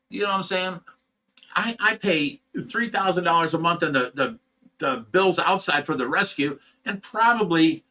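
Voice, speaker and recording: Agitated middle-aged man with a bright voice. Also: fairly high pitch. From Ohio, USA. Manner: agitated, repeats words, acts out quotes. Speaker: fish rescue owner. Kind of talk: casual venting monologue. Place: at home.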